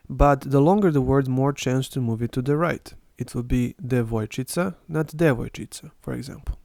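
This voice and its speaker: A man's voice: medium pitch, a little mellow, no echo. Man, language teacher, careful word-by-word delivery, dry close sound. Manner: slow, careful modeling of words for repetition. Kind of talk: recorded language lesson.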